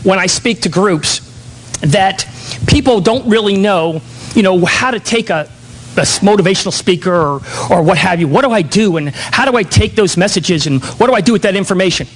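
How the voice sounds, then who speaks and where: A man's voice: sits high, lively intonation, moderate pace, low-quality recording. A man giving a motivational keynote speech at a conference, emphatic and full of rhetorical questions. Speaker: keynote speaker. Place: conference hall.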